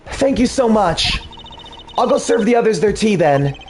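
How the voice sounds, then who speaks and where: A man doing a soft-spoken, apologetic young woman. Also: high-pitched, sing-song, normal speed, slight background noise. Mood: earnest. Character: gentle, polite young woman in shock.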